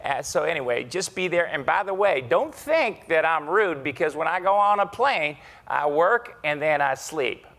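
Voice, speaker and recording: A man doing an impression of an older, confident and folksy male tech executive, talking slowly with emphatic drawling delivery. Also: a little high, animated, a bit bright. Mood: boastful.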